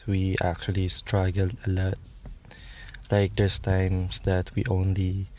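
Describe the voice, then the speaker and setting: Twenties man; shy, mumbling, dark and flat low voice, slow. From Philippines. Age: 20s. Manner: quiet, mumbling, short answers. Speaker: interviewee, chef. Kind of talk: shy interview answers.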